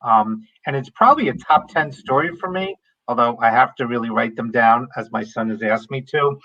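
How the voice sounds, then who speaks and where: A man's voice: mid-range voice, normal speed, bright, forceful tone. Middle-aged male guest, frank and blunt, on slightly dull remote audio. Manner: candid, blunt, swears casually. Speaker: interview guest, music industry executive. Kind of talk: casual interview storytelling.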